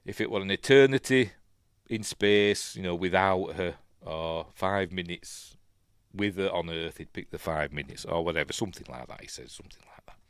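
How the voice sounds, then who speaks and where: A man from Yorkshire, England, with a low, smooth voice, hosts a podcast and recaps a film loosely at a moderate pace. The recording is dry, and his chatty talk is packed with ums, frequent self-corrections, wry asides and soft chuckles.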